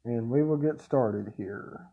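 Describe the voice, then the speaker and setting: A man's voice: mid-range voice, slow, phone-quality sound. A man hosting an online interview show, talking in a friendly, casual way and calling his guest buddy and sir. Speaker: show host.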